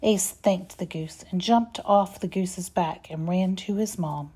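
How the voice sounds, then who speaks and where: A woman reading a children's story aloud, expressive and measured. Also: lowish voice, husky. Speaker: reader.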